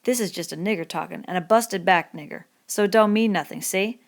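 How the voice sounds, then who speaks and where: A woman's voice: medium pitch, brisk, lightly acted. Woman reading as a bitter, lonely stable hand. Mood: brooding. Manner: rough rural dialect, brooding and needling. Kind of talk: audiobook reading.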